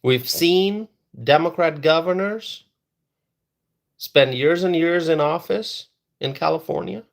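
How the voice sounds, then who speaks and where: A man's voice: fairly high pitch, slow pace, gravelly. A man hosting a live political stream, talking straight to his chat viewers and repeating phrases for emphasis. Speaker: political livestream host.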